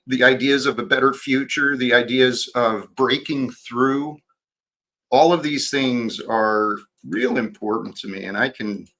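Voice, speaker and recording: A man hosting his own livestream, talking in a slow, reflective way with frequent restarts. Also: medium pitch, pushed and bright. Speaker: livestream host. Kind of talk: casual livestream chat.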